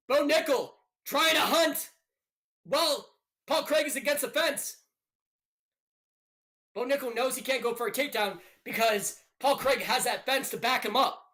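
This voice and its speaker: Excitable bright-voiced young man calling fights. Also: very high voice. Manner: excitable, jokey, swings to loud outbursts. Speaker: live stream commentator. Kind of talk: joking play-by-play commentary.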